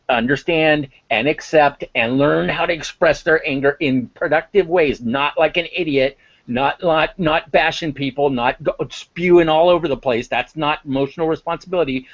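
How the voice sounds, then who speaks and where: A man's voice: a little high, normal speed, no echo, muffled recording. A man speaking as an interview guest on emotional intelligence, impassioned and emphatic, repeating words for stress. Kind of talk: interview talk.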